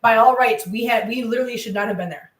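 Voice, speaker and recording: Here a woman talks fast while making dinner at home, chatting casually with viewers and her cats for her vlog. The mic sits far off in an echoey kitchen, catching her higher-leaning voice.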